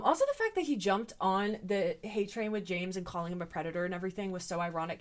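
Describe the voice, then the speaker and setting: A young adult woman hosting a commentary video, recapping online drama in a blunt, opinionated way and swearing freely. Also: lowish voice.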